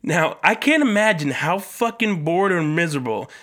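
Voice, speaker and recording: A young man hosting his own podcast, telling a story in a casual, animated way, swearing freely and acting out the people he talks about. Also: on the high side, normal speed. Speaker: podcast host.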